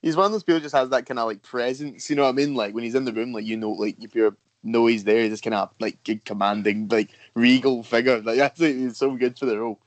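A man's voice: mid-range voice, steady tone, fast talker, hardly any pauses, no echo. A man talks casually about a film in a mid-range voice, rambling and leaning on "like" fillers. The recording is dry and close.

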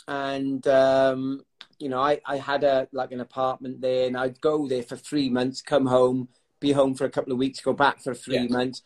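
A middle-aged man from the United Kingdom, a retired athlete telling stories in a chatty, animated way in an interview, laughing now and then. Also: medium pitch. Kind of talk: casual storytelling interview.

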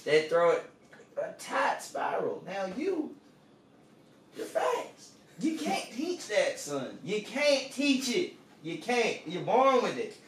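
A man's voice: high voice, fairly bright tone, a little hiss or hum, exaggerated voice. A man putting on a drawling old Southern coach. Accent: American Southern. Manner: drawling, slow, emphatic. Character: older Southern football coach, folksy and patronizing. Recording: roomy, distant mic.

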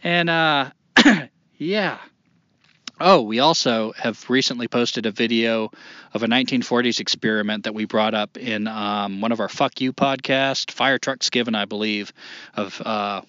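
A man's voice: medium pitch, a little slow, pushed and bright, dry recording, muffled recording. A man hosting a casual podcast, talking loosely, swearing and poking fun at himself. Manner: loose, swearing, self-deprecating. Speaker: podcast host.

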